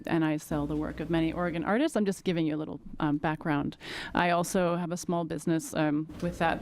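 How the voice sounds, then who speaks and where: A woman's voice: low voice, a little mellow, a little hiss or hum. A woman, a small business owner, testifying at a legislative hearing, getting emotional as she speaks. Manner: emotional, voice breaking at times.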